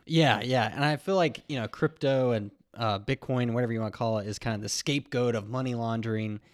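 American male co-host, mid pitch, easygoing, tentative. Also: fairly quick. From United States. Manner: agreeable, tentative. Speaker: podcast co-host. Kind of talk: casual chat.

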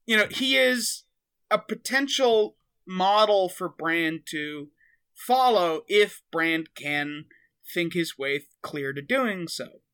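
Brief: male podcast co-host, high bright voice, loose and chatty. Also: slow, clean tone. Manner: relaxed, filler-heavy. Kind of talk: casual chat.

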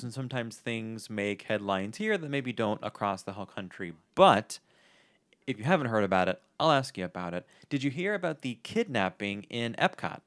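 Joking male podcast co-host, lively pitch. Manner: playful, telling corny jokes. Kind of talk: casual podcast chat telling jokes.

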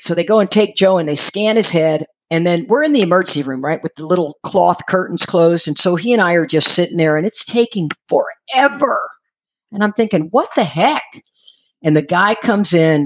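A woman's voice: on the low side, moderate pace. A middle-aged woman telling a personal story casually, acting out what people said and laughing as she goes. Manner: lively, laughing, acts out quoted voices. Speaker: storyteller sharing her recovery story.

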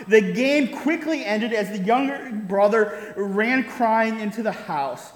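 A man's voice: high-pitched, takes it slowly, hardly any pauses. A man preaching a sermon, telling a story with frequent "right?" asides and chuckles. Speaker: pastor. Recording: roomy hall reverb.

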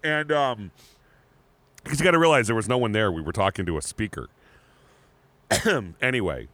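A man co-hosting a podcast, telling a story in casual chat, animated and laughing, often restarting his words. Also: lowish voice, moderate pace, dry recording. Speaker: podcast co-host.

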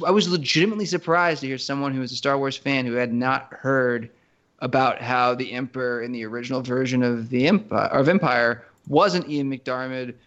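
A man co-hosting a podcast, chatting casually in a rambling, animated way, full of fillers and restarts. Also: medium pitch, lo-fi sound. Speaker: podcast co-host. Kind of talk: casual chat.

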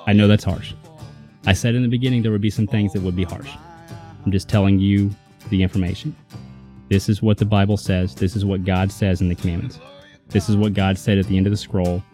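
A man's voice: deep voice, little pitch movement, a little fast, dark tone, faint music behind. A man teaching a Bible lesson in a casual, emphatic way, often checking in with his listener. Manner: conversational, emphatic, checks in with "right?".

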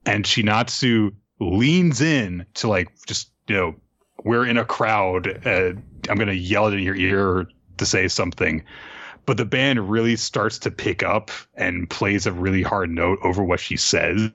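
A man co-hosting a casual podcast, recapping manga chapters with lively impressions of the characters. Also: no echo, highs cut off. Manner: animated, jumps into quick high voices for quoted characters. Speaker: podcast co-host.

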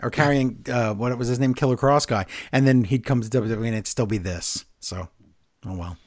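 A man's voice: medium pitch, brisk. A man co-hosting a podcast, recapping wrestling in casual chat and acting out quotes for laughs. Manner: animated, jokey, acts out quotes. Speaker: podcast co-host.

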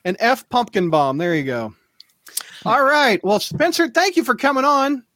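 A man's voice: very high voice, big pitch swings, normal speed, background noise. A man in his forties co-hosting a podcast, chatting casually and telling stories about himself with a laugh. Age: 40s. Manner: laughing, self-mocking storyteller. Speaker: podcast co-host. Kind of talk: casual chat.

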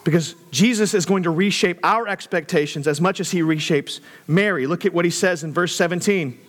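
A young man, a pastor, preaching a sermon in a conversational way with jokey asides and animated emphasis. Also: high-pitched, a little fast.

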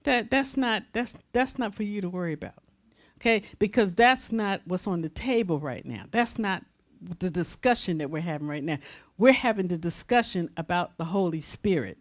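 A woman's voice: fairly low pitch, animated, normal speed, pitched below the performer's own voice, close to an everyday voice. A woman minister voicing Jesus as an exasperated grown man who scolds in a heated, sassy way. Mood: impatient.

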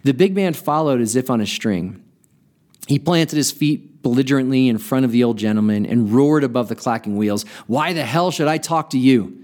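A podcast host reading a story aloud in an expressive storytelling manner. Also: male voice, mid-range voice.

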